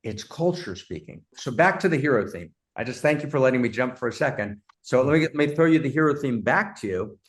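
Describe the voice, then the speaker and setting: A man hosting an animated film discussion, talking emphatically and breaking into excited bursts. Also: medium pitch, fast, hardly any pauses. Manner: warmly addresses his partner as "my friend". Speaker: host, philosopher.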